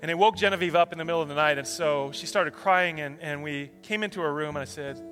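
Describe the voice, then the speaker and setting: A man in his thirties, a pastor telling a family story in a sermon, dropping soft and then rising into loud pleas. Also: on the high side, quick pace, big-room sound, faint music behind.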